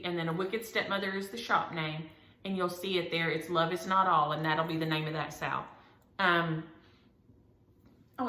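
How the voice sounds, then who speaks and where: Woman, rambling homespun chat, bright tone, echoey room. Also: lowish voice. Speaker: cross-stitch vlogger. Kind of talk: casual chat to viewers.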